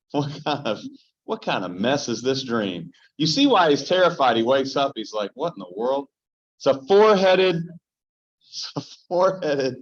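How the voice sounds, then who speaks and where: Joking pastor teaching a Bible study. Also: male voice, on the low side. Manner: joking, animated storyteller who addresses the group directly. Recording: dull, lo-fi sound.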